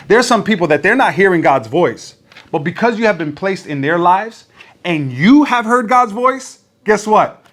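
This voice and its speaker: A man's voice: fairly high pitch, a bit bright. A man preaching a sermon who tells a story with energy and acts out the people in it, in front of a congregation. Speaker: pastor.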